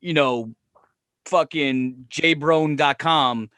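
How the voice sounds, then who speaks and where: A man's voice: on the high side, slow pace, no echo, studio quality. A man telling wrestling stories in casual, profane podcast chat, often acting out what people said. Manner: profane, animated, quotes himself and others. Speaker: podcast guest. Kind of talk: casual storytelling.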